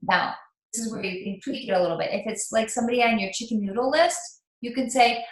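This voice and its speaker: Chatty woman coaching in an echoey room. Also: a little high. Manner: chatty, quick and upbeat, with many ums and restarts. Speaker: team leader training new distributors. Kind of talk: live online training.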